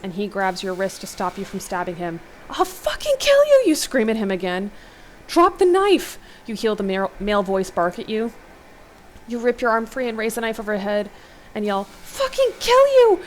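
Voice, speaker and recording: A woman host reading an interactive horror novel aloud, steady narration with exclaimed asides. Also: medium pitch, a little hiss or hum. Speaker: let's play host.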